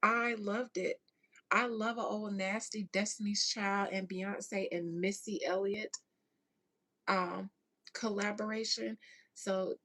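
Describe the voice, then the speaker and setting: Woman host, unhurried, mid-pitched, loose slangy chat with frequent laughter. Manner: animated, laughs often, slangy, slow drawn-out delivery. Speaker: host reading chat comments. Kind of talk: casual livestream chat.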